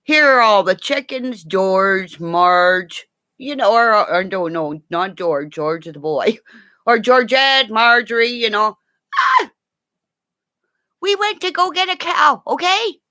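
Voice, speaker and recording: An older woman with grandchildren, telling funny home stories in a casual, animated way, laughing often and swearing now and then. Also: on the high side, slow pace. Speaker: vlogger. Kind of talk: casual storytelling.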